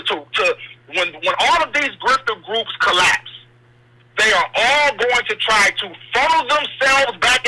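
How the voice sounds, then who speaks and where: A man's voice: sits high, sharp tone. A man calling in to a talk show, speaking with passion and tripping over repeated words. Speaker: caller. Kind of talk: call-in radio talk. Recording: noisy call-in line.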